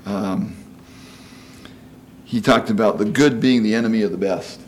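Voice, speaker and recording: A man's voice: fairly low pitch, unhurried, a little hiss or hum. A man in his sixties giving a conversational sermon, folksy and chatty, often asking "you know?" and acting out quoted voices. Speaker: preacher.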